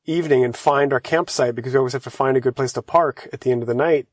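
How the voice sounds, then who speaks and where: A young man casually telling a travel story with his partner from inside a camper van, steady and relaxed, filling in details. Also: medium pitch, fast, no echo, clean studio sound. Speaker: travel vlogger.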